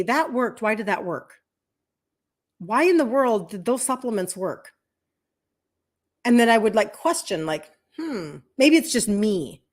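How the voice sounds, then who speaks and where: A woman in her fifties speaks casually to viewers on a live stream, sharing health coaching at her desk. Her voice sits on the higher side, and her delivery is chatty and meandering, with lively acted-out quotes. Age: 50s. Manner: chatty and rambling, acts out quoted speech.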